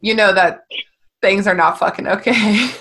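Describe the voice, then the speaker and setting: A woman's voice: mid-range voice, unhurried, fairly bright tone. A woman co-hosting a podcast, chatting casually about a film, laughing often and swearing now and then. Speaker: podcast co-host.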